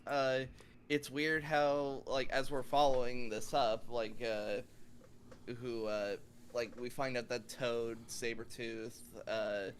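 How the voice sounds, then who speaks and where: A man's voice: mid-range voice, flat delivery, takes it slowly, a little hiss or hum. A man co-hosting a casual film review podcast, rambling with lots of fillers and swearing. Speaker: podcast co-host.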